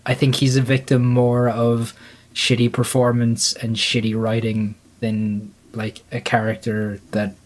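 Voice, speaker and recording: A man's voice: medium pitch, completely flat delivery, measured pace. A man co-hosting a casual panel discussion, rambling and swearing with lots of fillers. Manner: profane, rambling, many fillers. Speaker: podcast co-host.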